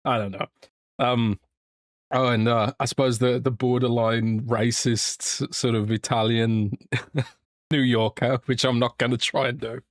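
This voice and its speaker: A British man hosts a relaxed podcast chat at an ordinary, middle pitch. He jokes, rambles and restarts his sentences often. The sound is dry and close, with no room echo. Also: measured pace. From Britain. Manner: jokey, rambling, with many restarts and fillers. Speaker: podcast host.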